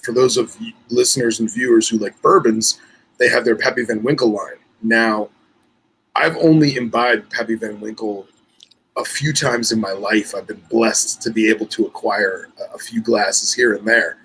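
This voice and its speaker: A man co-hosting a podcast, chatting in a relaxed, self-mocking way. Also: on the low side, moderate pace, a little hiss or hum, poor audio. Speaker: podcast co-host. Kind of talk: casual chat.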